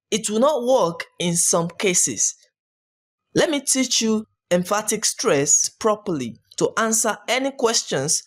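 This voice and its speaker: Woman teacher for a scripted exam lesson; slow, deliberate delivery with a sing-song rise and fall. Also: medium pitch. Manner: clear, deliberate step-by-step explaining. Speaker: English teacher.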